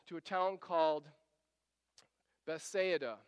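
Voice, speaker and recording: A man's voice: high voice, moderate pace, a bit bright, smooth, no room sound, big-room sound. A man preaching a sermon, reading scripture aloud and acting out the disciples' pleas in varied voices. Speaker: pastor. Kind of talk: expository sermon.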